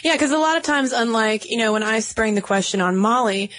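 A woman's voice: fairly high pitch, lively intonation, a little fast, fairly bright tone. A woman co-hosting a podcast in casual chat, playful, reading quotes aloud with mock drama. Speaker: podcast co-host.

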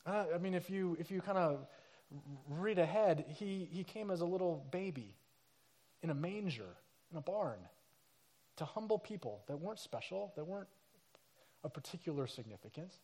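A man preaching a casual, animated sermon, acting out the people in the story with slang and quick voice changes. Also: high-pitched. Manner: casual slang like dude and crazy. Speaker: pastor.

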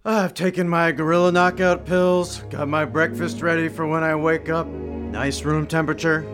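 A man voicing a brash, self-absorbed young male cartoon reporter who yells and bosses his assistant around. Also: normal speed, music in the background. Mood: smug. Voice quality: high, yelling and bossy. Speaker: field reporter. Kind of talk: cartoon voice acting.

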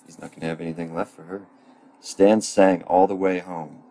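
A man reading a children's storybook aloud as a parody, deadpan and full of crude ad-libs. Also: low voice, normal speed. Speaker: comic reader.

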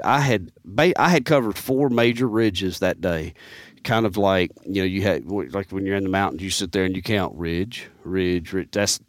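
A turkey hunter with a deep, low-pitched voice appears as a podcast guest, spinning a long, meandering story in casual fashion. Animated and rambling, he keeps circling back with "man" and "you know," and the studio sound is dry and close.

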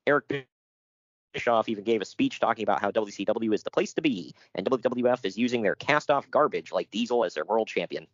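Low-voiced man reading notes casually. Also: lively intonation, fairly quick, no room sound, dull audio. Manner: reads notes, jokes and laughs often. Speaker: podcast co-host. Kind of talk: casual chat.

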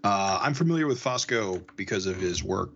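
A man co-hosting a casual comic book podcast, talking in a relaxed, informative way with some hesitation, and a dull recording sound. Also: sits low, normal speed, slight background noise. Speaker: podcast co-host.

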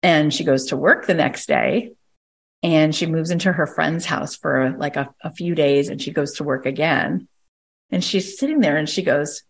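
A coach and podcast host with a low voice speaks unhurriedly on a recorded call, narrating a story with energy and performing the voices of those she quotes.

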